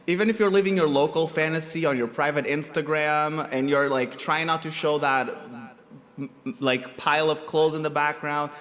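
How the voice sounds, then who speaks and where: A man's voice: on the high side, fairly even intonation, normal speed, fairly bright tone, in a large hall. A man hosting a casual chat show, campy and playfully teasing. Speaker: host.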